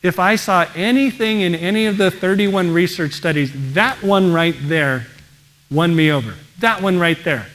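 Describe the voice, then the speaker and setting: A man, a pediatrician, giving an energetic presentation and often exclaiming in wonder. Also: high-pitched, moderate pace, a little hiss or hum. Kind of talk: enthusiastic presentation talk.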